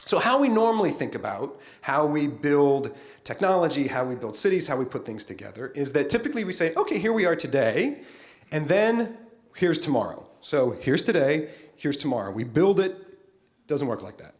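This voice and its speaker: Middle-aged male keynote speaker, futurist, animated and playful, lively pitch. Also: normal speed. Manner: lively, playful, talks straight to the audience. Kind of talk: conference keynote speech.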